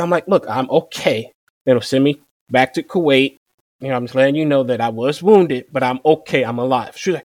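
A man's voice: medium pitch, fairly quick, dry recording. Man telling a war story in a dry room. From Virginia. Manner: relaxed, repeats "I'm like" to quote himself. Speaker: interview guest, former Marine machine gunner. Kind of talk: conversational storytelling.

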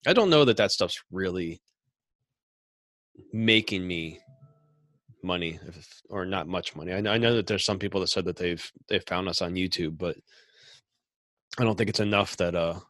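Low-voiced man musing on a podcast. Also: normal speed, long pauses, fairly bright tone, no room sound. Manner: rambling, many restarts and throat clearing. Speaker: podcast host and machine shop owner. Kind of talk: casual podcast chat.

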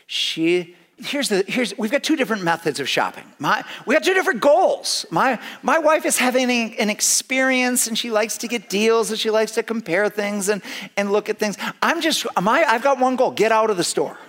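Middle-aged man, somewhat high voice, animated storyteller, swings loud and soft, restarts phrases. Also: normal speed. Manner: animated, with big swings in pitch and loudness; repeats and restarts phrases as he talks. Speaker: speaker telling a story to a gathered audience. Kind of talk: storytelling talk with humor.

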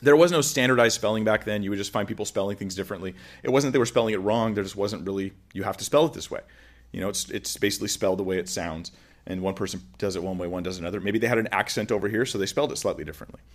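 A man's voice: fairly low pitch, racing. A man giving an informal lecture, explaining with everyday examples in a conversational way. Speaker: teacher.

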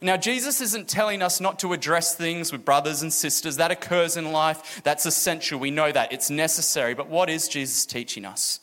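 High-voiced man preaching in a hall. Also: moderate pace, hardly any pauses, fairly bright tone. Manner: casual, joking asides and acted-out quotes. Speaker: pastor. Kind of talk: sermon. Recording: echoey hall with music behind.

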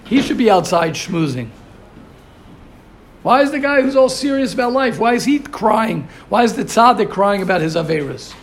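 A man's voice: sits high, gravelly. A man teaching a Torah class, asking rhetorical questions and mixing in Hebrew and Yiddish terms. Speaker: yeshiva teacher.

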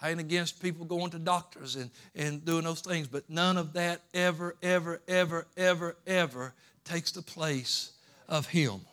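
A pastor preaching a sermon to his church in a folksy, plainspoken way, rising into loud pleading cries and shouts. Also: fairly high pitch, moderate pace. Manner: folksy Southern-style grammar like ain't and gonna. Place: church sanctuary.

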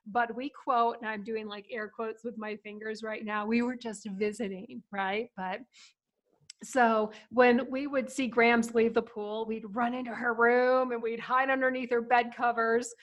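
Brief: middle-aged woman storyteller, casual and lively, fairly high voice. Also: a little slow, lo-fi sound. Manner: chatty, animated, laughs often.

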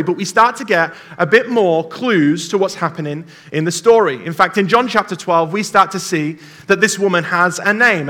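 A male pastor preaching a sermon, retelling a story in an animated way and calling on the congregation to join in. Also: high voice.

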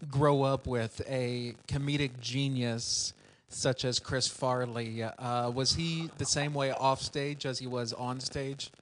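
A man's voice: medium pitch, fairly even intonation, slow pace, a little hiss or hum. A man interviewing a guest, asking questions hesitantly and restarting them.

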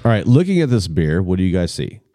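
A low-voiced man hosting a joking beer-tasting chat, his pitch moving lively up and down. His tone is mellow and dark, and the sound is dry and close. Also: brisk. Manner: jokey, laughs often, leads the segments. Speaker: podcast host.

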